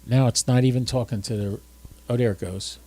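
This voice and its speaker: A man's voice: mid-range voice, fairly even intonation, fairly quick, mellow. A drowsy, tired man hosting a casual livestream, chatting and thinking aloud as he works his ham radio gear. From United States.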